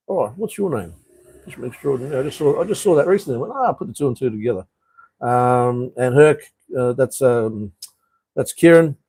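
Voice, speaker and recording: Australian man, casual live stream chat, rambling with ums and uhs, middle pitch, dry room. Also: a little mellow, no echo, rough recording. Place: room overlooking a street. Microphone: camera he turns toward the street.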